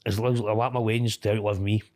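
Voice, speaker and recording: A man's voice: on the low side, flat delivery, fast talker, a little mellow, no room sound. A middle-aged Scottish man talks frankly in a close, dry recording, with no room sound around him. His speech is blunt and peppered with casual swearing, and he laughs easily between thoughts. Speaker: interview guest. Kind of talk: candid conversational interview.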